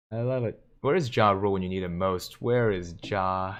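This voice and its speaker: A man's voice: on the low side, normal speed, hardly any pauses. A man hosting a live stream, casually reading viewer comments aloud and joking, with frequent chuckles. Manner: jokey, chuckles often between comments. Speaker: livestream host.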